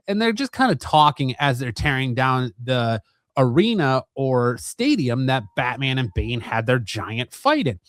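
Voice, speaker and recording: A man hosting a comic review channel, retelling a comic's plot in a relaxed, rambling way with lots of fillers. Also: mid-range voice, moderate pace, no room sound, clean studio sound. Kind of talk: casual comic book recap.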